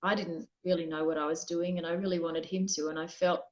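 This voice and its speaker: A woman's voice: on the low side, flat delivery, a little fast, dull audio. A woman being interviewed as a guest, telling a personal story in a candid, reflective way and often restarting her sentences. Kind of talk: conversational interview.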